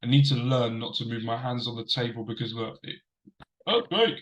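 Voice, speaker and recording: A man's voice: mid-range voice, expressive, moderate pace, echoey room, rough recording. A man hosting a casual wrestling review show, chatting straight to camera from a desk and repeating himself for emphasis. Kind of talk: casual commentary. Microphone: desk camera setup.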